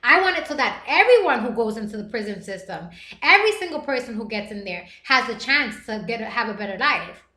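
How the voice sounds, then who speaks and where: A woman's voice: a little high, very animated, brisk, hardly any pauses, sharp tone, roomy sound. A woman hosting a live stream, reading chat messages aloud and talking earnestly and emotionally. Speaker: livestream host reading chat. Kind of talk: casual live-stream talk.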